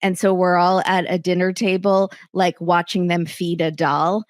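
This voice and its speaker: A woman hosting a casual chat podcast, retelling scenes and acting out the quotes with lively, higher voices. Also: normal speed, no room sound, clean studio sound. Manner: animated, acts out quotes in bright higher voices. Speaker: podcast host.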